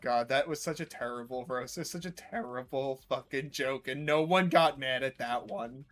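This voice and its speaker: A man's voice: mid-range voice, moderate pace, fairly bright tone, faint music behind. A man streaming a game, rambling through jokes and swearing freely in casual commentary. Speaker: gaming streamer. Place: New York.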